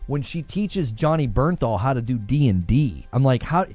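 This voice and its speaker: A man's voice: medium pitch, lively intonation, moderate pace, warm tone, dry recording, faint music behind. A man hosting a gaming podcast in casual chat, rambling with many fillers and laughing easily. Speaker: gaming news podcast host.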